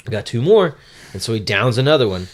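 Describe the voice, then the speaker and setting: A man's voice: medium pitch, very animated, fast. A man co-hosting a podcast, retelling a manga chapter in loose, casual chat with plenty of ums and uhs. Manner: swears casually. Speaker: podcast co-host.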